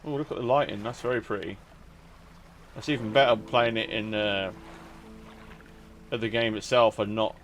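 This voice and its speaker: A man's voice: lowish voice, steady tone, moderate pace, long pauses, fairly bright tone, faint music behind. A man with a cold giving casual, rambling commentary while playing a video game. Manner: rambling, chatty, self-restarting. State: has a cold. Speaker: gaming YouTuber. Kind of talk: casual let's-play commentary.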